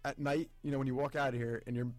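A man's voice: medium pitch, little pitch movement, quick pace, darkish tone, no echo. A man with a mid-range voice co-hosting a live college radio talk show. He teases his partner and laughs often, keeping the studio banter loose and playful.

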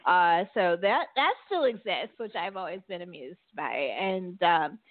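A woman's voice: lowish voice, lively intonation, unhurried, no room sound. A woman co-hosting a casual podcast chat, talking loosely with many fillers and frequent laughs. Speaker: podcast co-host. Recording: dry, phone-like line.

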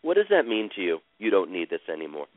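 Man chanting calm affirmations over a phone line. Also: low voice, dry recording. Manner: slow, soothing, repeats phrases like a chant. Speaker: host guiding a caller through emotional healing. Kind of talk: guided therapeutic session. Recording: tinny phone-line sound, dry.

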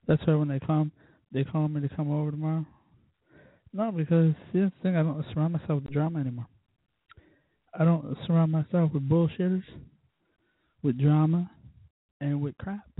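A man with a husky, slightly high voice holds forth in a blunt, profane, exasperated rant. The sound is tinny and phone-like, bone dry with no room around it. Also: steady tone, normal speed, long pauses, dry recording. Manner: blunt, cussing, exasperated ranting. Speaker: podcast host. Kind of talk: profane casual monologue rant.

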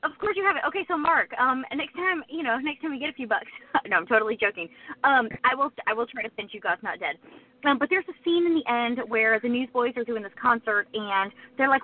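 A woman's voice: on the high side, lively intonation, brisk. A woman co-hosting a casual faith podcast, chatty and fond of long stories. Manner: chatty, storytelling, wordy. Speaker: co-host. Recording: tinny phone-like sound.

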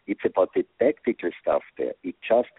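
A former soccer coach being interviewed over the phone, speaking earnest English with non-native phrasing. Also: male voice, sits low, lively intonation, brisk, slightly rough, no room sound. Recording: tinny phone line.

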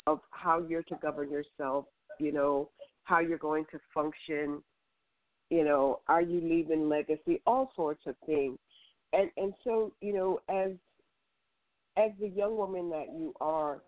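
A woman's voice: fairly low pitch, no room sound. An upbeat woman hosts a faith-based radio show over the phone. She repeats words for emphasis. The sound is thin and phone-like, with a dry, close feel. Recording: tinny phone line.

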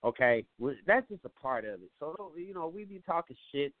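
A man's voice: a little high, big pitch swings, moderate pace, no echo. A man hosting a call-in show, rambling and joking with lots of swearing. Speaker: show host. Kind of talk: comedic call-in show monologue. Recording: tinny phone-like line, dry.

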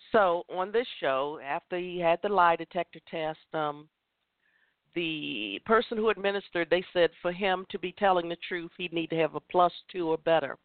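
A woman's voice: fairly low pitch, normal speed, no room sound. A woman hosting a women's chat show, giving an impassioned motivational talk and repeating phrases for emphasis. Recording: tinny phone line, dry.

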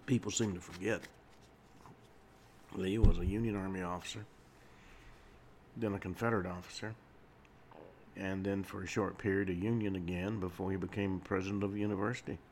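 A man hosting his own radio talk show, rambling through history notes with many pauses and fillers, speaking from a studio. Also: low-pitched, fairly even intonation, darkish tone, a little hiss or hum. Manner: rambling, with frequent uh fillers and restarts. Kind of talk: solo radio talk monologue.

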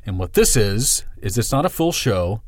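A man's voice: fairly low pitch, big pitch swings, moderate pace, a little mellow, dry recording, studio quality. Rambling, profane male podcast host. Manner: rambling, profane, self-deprecating. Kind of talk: casual solo podcast monologue.

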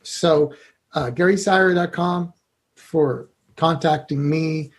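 Male guest author in a casual chat, high-ish voice, rambling and filler-heavy. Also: slow pace. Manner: rambling, many fillers, laughs easily.

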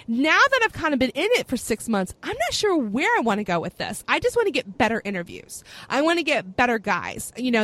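Chatty animated woman telling a story. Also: a little high, no room sound. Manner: chatty, animated storyteller with frequent fillers and laughs. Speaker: podcast host, being interviewed. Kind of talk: casual storytelling chat.

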